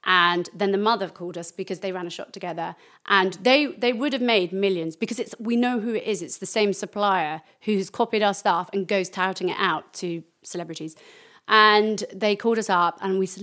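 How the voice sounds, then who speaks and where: Chatty, animated woman. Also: mid-range voice, normal speed. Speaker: podcast guest, company co-founder. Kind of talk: conversational interview answer.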